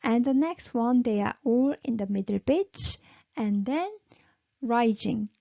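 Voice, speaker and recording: A woman's voice: a little high, slow, vocal fry, warm tone, no room sound. A woman teaching a language lesson, who repeats each syllable patiently and keeps checking in with "okay?". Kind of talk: slow spoken lesson with repeated drills. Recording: dull, muffled lo-fi sound.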